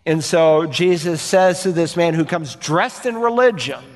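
A man preaching from the pulpit, earnest and emphatic, leaning on rhetorical questions and repetition. His voice sits fairly high for a man and carries a long reverb, as if it fills a church sanctuary. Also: unhurried. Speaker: pastor. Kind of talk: sermon.

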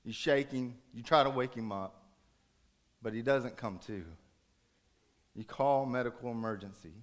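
A man preaching a sermon, telling a story dramatically, rising to urgent raised passages and dropping to hushed soft ones. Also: mid-range voice, unhurried.

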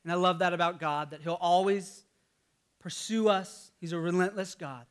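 A man in his thirties, a pastor with a notably high voice for a man, preaches at a moderate, smooth pace. He keeps things casual and conversational, tells a story about his family, and occasionally stumbles with small restarts and fillers.

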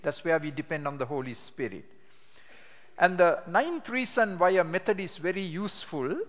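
Older man, slightly high voice, lively classroom teaching, long hall echo. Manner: animated storytelling, reads scripture slowly with emphasis. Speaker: evangelism trainer.

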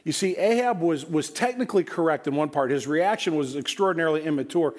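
A man's voice: a little high, expressive, quick pace, darkish tone. A man preaching a sermon in a conversational, joking way, often repeating words as he restarts. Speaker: pastor.

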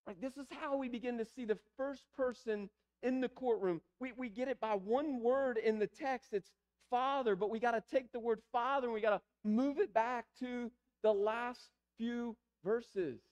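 A male pastor preaching a sermon to his congregation, moving between soft pleading passages and emphatic repeated phrases. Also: very high voice, normal speed, few pauses. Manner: pleading, building to emphatic repetition. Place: church sanctuary.

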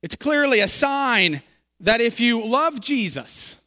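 Pastor guy preaching, chatty with lots of uh's, bright voice, church echo. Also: extremely high pitch, expressive, slow. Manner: conversational retelling with fillers and repeats. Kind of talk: sermon with scripture reading and prayer. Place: church sanctuary. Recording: long church reverb.

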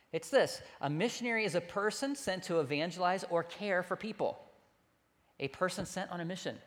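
Lively conversational preacher in echoing hall. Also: medium pitch. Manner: conversational, self-deprecating storytelling. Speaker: pastor. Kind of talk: sermon.

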